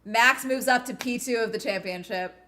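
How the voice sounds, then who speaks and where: Excitable woman live-streaming a watch-along. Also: fairly high pitch, normal speed. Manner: excitable, chatty, bursts of cheering and laughter; swears casually. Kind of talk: live casual commentary.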